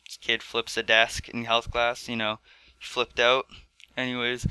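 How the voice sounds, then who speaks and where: Rambling teen guy, very bright clear voice. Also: mid-range voice, monotone, unhurried, dry recording. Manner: rambling, filler-heavy with many "like"s. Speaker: vlogger. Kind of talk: storytime commentary.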